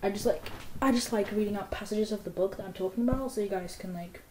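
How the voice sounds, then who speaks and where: A woman's voice: mid-range voice, quick pace, background noise. A young woman in casual book review chat, rambling with lots of "like" fillers. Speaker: book vlogger. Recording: echoey room.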